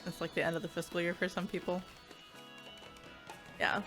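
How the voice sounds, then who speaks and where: A woman's voice: lowish voice, flat delivery, normal speed, over music. A young woman streaming a game as a VTuber, chatting casually, reading chat aloud and laughing often.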